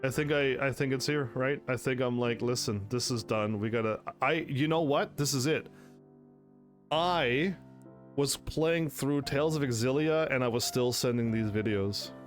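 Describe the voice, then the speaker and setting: A man's voice: medium pitch, a little slow, faint music behind. A man hosting his own channel, looking back over his old gaming videos in casual, rambling commentary, full of restarts and bursts of laughter. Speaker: channel host.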